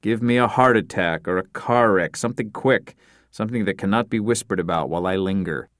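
A man's voice: fairly low pitch, a little fast, dry recording, close to an everyday voice. A man reading the part of a grumpy, sardonic middle-aged husband in a dry, blunt way.

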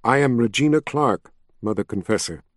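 A man's voice: mid-range voice, animated, no room sound, studio quality, lightly acted. A man putting on a frightened, pleading peasant woman. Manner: rushed, pleading, hurried apologies.

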